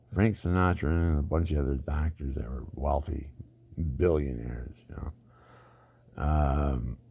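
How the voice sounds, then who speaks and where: A man's voice: low voice, creaky, dark tone, breathy edge, no echo. An older man telling rambling personal stories in a digressive way, often laughing at his own anecdotes.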